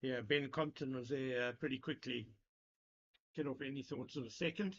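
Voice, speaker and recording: A man giving live cricket commentary, measured and analytical, chatting with his co-commentator. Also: mid-range voice, steady tone, a bit bright. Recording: lo-fi broadcast sound.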